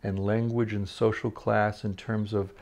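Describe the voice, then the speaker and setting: A woman hosting a talk show, interviewing a guest. She talks effusively and keeps up a steady stream of encouraging murmurs of agreement. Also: a bass voice, a little slow.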